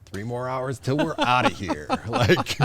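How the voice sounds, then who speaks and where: A man's voice: mid-range voice, wildly swooping pitch, unhurried, fairly bright tone, no room sound. A man talking as a photographer guest on a podcast, chatty, laughing often and acting out quotes. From United States. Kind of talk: casual podcast interview.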